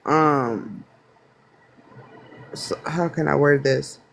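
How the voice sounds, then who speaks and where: American guy on a phone panel, kinda high voice, keeps stopping and restarting. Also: creaky, a bit bright. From United States. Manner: halting, full of restarts and self-doubt. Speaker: panelist in a live online discussion. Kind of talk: casual debate.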